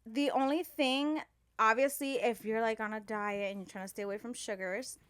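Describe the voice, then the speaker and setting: A woman co-hosting a podcast in casual chat, frank and profane and quick to laugh. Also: on the high side, steady tone, fairly bright tone, smooth. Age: adult with children. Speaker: podcast co-host.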